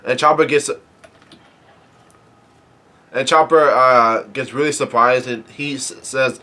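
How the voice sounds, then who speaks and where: Man reading a comic aloud, halting. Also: medium pitch, sharp tone. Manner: halting, with many restarts and self-corrections. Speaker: manga reader and video host. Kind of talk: casual read-aloud of a comic chapter.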